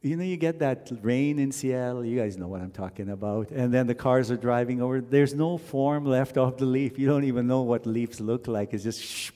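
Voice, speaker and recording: A man from Canada leading a wedding ceremony, telling stories in a gently reflective way and now and then chanting verses. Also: medium pitch, moderate pace, few pauses. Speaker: wedding officiant. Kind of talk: wedding sermon with sung verses. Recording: long hall reverb.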